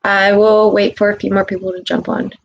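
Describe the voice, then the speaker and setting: A woman's voice: mid-range voice, level tone, a little fast, gravelly, muffled recording. A woman giving an earnest spiritual message on a live stream, preaching and often checking in with "okay?". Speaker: spiritual livestreamer.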